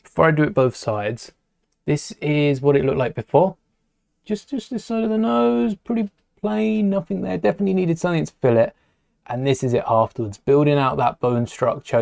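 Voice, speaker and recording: A man's voice: medium pitch, creaky, warm tone, dry recording, studio quality. A man talking casually to a live stream as he builds with LEGO, rambling, muttering to himself and greeting viewers in chat.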